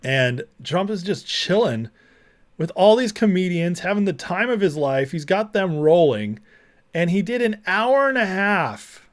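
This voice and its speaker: A man's voice: sits high, very animated, measured pace. A man hosting a livestream, talking casually, reading chat and mocking clips with frequent laughter. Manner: chatty, laughs often, mocking. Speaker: livestream host.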